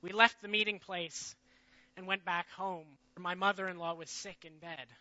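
A man playing the disciple Peter in a dramatic biblical monologue, earnest and shifting from loud to hushed. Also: sits high, fairly even intonation, moderate pace, dry recording, muffled recording.

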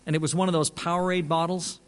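A man's voice: a little high, level tone, fast talker. A man who is a pastor, telling a story in a sermon in a conversational way, often restarting his phrases.

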